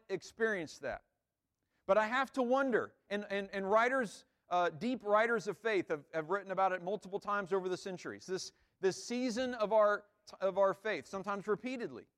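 A male pastor with a high voice gives a conversational sermon in an informal way. He repeats words and checks in with his listeners.

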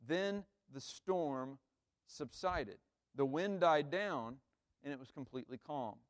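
A man's voice: fairly high pitch, expressive, takes it slowly. A man preaching a sermon in a conversational way, often checking in with "right?" and acting out quoted lines. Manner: acts out the disciples' lines with rising emphasis. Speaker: pastor.

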